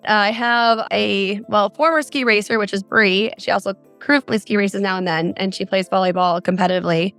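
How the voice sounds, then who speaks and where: A woman's voice: mid-range voice, fairly even intonation, brisk, few pauses, fairly bright tone, smooth, soft background music. A middle-aged woman from Arizona, a mother of four, earnestly recounting a frightening experience as a guest on a podcast. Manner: earnest, detailed storytelling.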